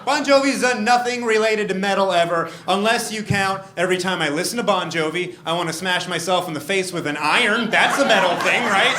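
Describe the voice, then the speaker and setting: A man performing a stand-up comedy set in an animated way, often shouting. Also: sits high. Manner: animated, jumps to shouted punchlines. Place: comedy club stage. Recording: echoey, noisy live club recording.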